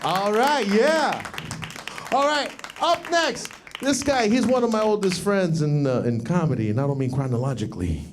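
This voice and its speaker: A man's voice: high-pitched, noisy background. A man hosting a comedy show and introducing comedians in a loose, laughing way. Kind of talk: emcee introductions. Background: crowd.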